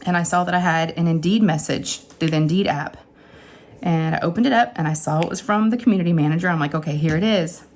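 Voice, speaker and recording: Speaking fast in a lowish voice, a woman in her forties who hosts a craft channel tells a candid personal story. Sitting in her home craft room, she rambles and gets emotional.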